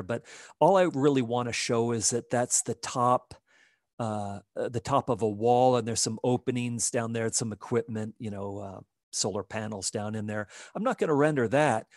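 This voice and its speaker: A man teaching a live digital painting demo, explaining his steps in a relaxed way as he works. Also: medium pitch, no echo, clean studio sound. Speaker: art instructor.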